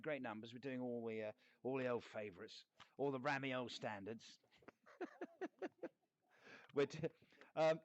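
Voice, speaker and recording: Man playing a sleazy cartoon bassist, boastful, rambles all over the place, mid pitch. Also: natural voice. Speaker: cartoon band member answering fan questions. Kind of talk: in-character live chat.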